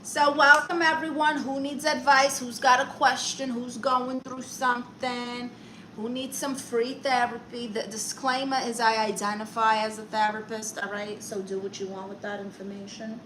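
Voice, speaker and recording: Reading her viewers' comments aloud at a normal speed, a bright, fairly high-voiced woman responds with mock seriousness on her comedic live stream. Her pitch moves little, she's close to the mic, and the rough recording carries a faint hum of room ambience.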